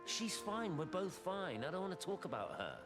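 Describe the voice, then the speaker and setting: A defensive, evasive man in a story game deflects with curt, dismissive lines. His pitch swings widely under a swell of loud score music. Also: very animated, moderate pace. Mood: tense.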